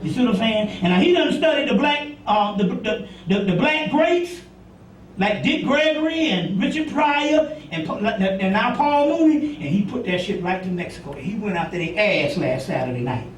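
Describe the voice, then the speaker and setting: A man's voice: high-pitched, animated, normal speed, slight background noise. A man giving a rambling, profane informal lecture to an audience, often asking "you see what I'm saying". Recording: echoey room, voice from far off.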